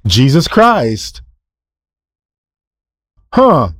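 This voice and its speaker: A man's voice: mid-range voice, huge pitch swings, drawn-out words, no room sound, studio quality. A male preacher delivering a sermon, emphatic, firing off rhetorical questions, answering them himself and repeating key phrases.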